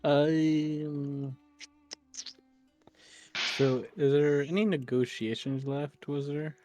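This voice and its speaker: A man's voice: on the high side, fairly even intonation, slow pace, a little mellow, soft background music. A man playing a tabletop game, hesitant and thinking aloud as he asks questions. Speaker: player. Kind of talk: casual chat at a game table.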